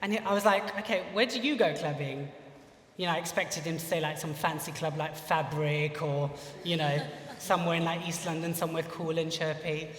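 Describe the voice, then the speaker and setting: A man's voice: a little high, fairly even intonation, a little fast, a bit bright. Chatty British man telling stories on stage. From United Kingdom. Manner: chatty, funny, says "you know" a lot. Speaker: speaker at a live lecture. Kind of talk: personal storytelling talk. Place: lecture hall on stage. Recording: echoey hall from far off.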